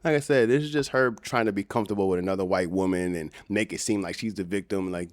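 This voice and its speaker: A man's voice: deep voice, quick pace, few pauses, no echo, studio quality. A man hosting a reaction video, giving blunt, scornful and profane commentary.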